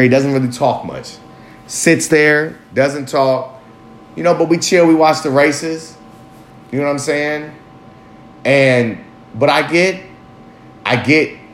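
A man in a casual personal monologue, candid and rambling, swearing freely and jumping up in pitch for emphasis. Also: a bit bright. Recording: echoey room with faint ambient noise.

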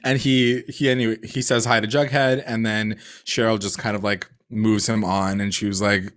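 A man's voice: on the low side, normal speed. A man co-hosting a podcast, chatting casually and animatedly as he recaps a TV episode, with lots of fillers and laughs. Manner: animated, filler-heavy storytelling with frequent laughs. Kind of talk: casual chat.

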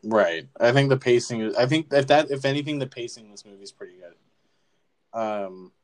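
A man's voice: medium pitch, moderate pace. A young man talks through a film with a friend, swearing freely and acting out the characters' reactions as he goes. His voice sits in a middle male range, and he rambles loosely, restarting his sentences. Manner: profane, rambling, animated retelling. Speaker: podcast co-host. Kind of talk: casual movie-review chat.

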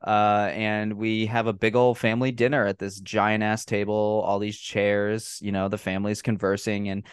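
A man hosting a podcast, chatting casually about a film and retelling scenes in a profane, animated way. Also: lowish voice, moderate pace, smooth, no echo, clean studio sound. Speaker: podcast host. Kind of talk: casual film review chat.

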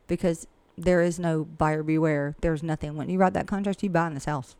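A woman's voice: low-pitched, fairly even intonation, normal speed, a little mellow, clean tone, no echo. A woman who works as a real estate agent and coach, talking frankly and chattily in a casual interview. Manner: chatty and frank, with laughs and asides.

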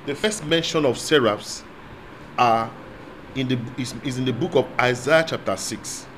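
A man preaching a sermon, moving between quiet asides and loud proclamation and asking the congregation call-and-response questions. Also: medium pitch, unhurried, slight background noise, poor audio. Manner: speaks in tongues at times.

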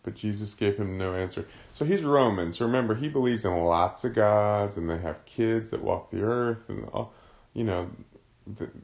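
A man's voice: mid-range voice, darkish tone. A man teaching a casual Bible study, explaining a passage in a conversational way.

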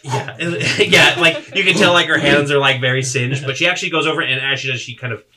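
A man narrating as game master of a tabletop game, casual and halting. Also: a little high, pushed and bright, recorded from a distance.

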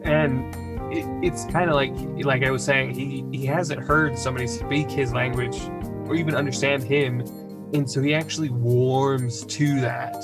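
A man's voice: mid-range voice, fairly even intonation, normal speed, over loud music. A man running a tabletop game as game master, narrating in a hesitant way with many restarts.

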